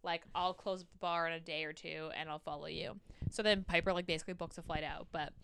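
A woman co-hosting a podcast, chatting casually about a book in an animated way, swearing and quoting characters. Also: deep voice, quick pace, creaky, noisy background. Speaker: podcast co-host.

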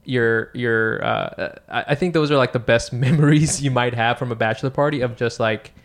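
A man co-hosting a podcast in casual chat, relaxed and playful, swearing casually while telling stories. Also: mid-range voice, normal speed. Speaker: podcast co-host.

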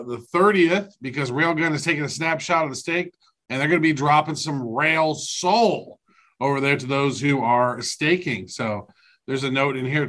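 Chatty man co-hosting, slightly higher voice. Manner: relaxed, chatty, easygoing. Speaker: podcast co-host. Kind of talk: casual podcast chat.

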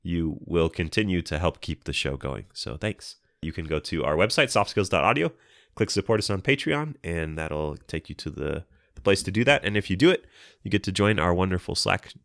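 Deep-voiced sick man, joking co-host. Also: expressive, moderate pace, creaky, fairly bright tone, no echo. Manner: dry, joking delivery with frequent laughs. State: sick, slightly congested. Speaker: podcast co-host. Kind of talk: casual chat.

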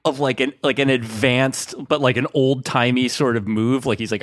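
A man's voice: mid-range voice, normal speed, few pauses, a bit bright, dry recording, studio quality. A man hosting a casual sports podcast, rambling and hedging with lots of 'like' and 'you know'. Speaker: podcast host. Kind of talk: casual chat.

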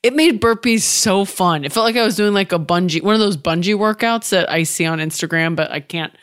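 A woman's voice: mid-range voice, brisk. A woman co-hosting a fitness podcast, chatting candidly with jokes and casual swearing. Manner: candid, joking, casually profane. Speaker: podcast co-host. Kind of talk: casual chat.

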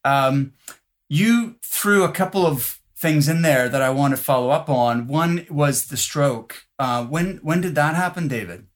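A man hosting a podcast interview, speaking in a relaxed, hesitant way with pauses and fillers. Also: a little high. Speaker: podcast host.

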